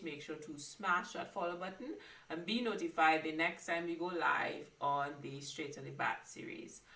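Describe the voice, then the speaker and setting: A woman from Trinidad and Tobago hosts a live online show, polite and measured as she poses questions and wraps up. Her voice is bright and crisp, set back from the mic, and the room around her rings with echo. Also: on the low side, distant mic. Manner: measured, polite, closes with upbeat sign-off. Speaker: host. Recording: echoey room, a bit off mic.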